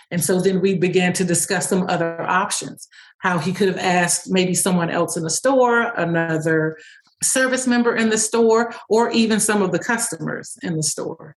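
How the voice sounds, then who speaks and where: Quick-talking woman telling a clinic story. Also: on the low side. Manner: storytelling, acts out dialogue; quick, many fillers and restarts. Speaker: speech-language pathologist guest. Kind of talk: conversational interview answers.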